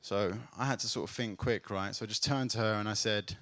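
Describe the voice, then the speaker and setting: On a comedy club stage, a man with a fairly low voice delivers a brisk stand-up set, telling a story that builds to loud laughs.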